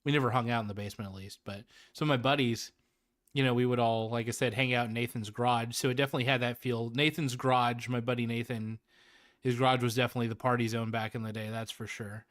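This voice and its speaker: A man in the middle of his range for pitch, chatting loosely as a livestream movie reviewer. He rambles, restarts his sentences and swears casually, laughing often between thoughts. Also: fairly even intonation, fast, a bit bright. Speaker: host.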